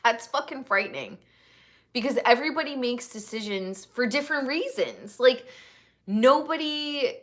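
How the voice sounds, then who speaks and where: Her voice is a little high, expressive and a bit bright, moving at a moderate pace. She's a thirtysomething livestream host from the United States who chats with viewers in a candid, profane, casual way.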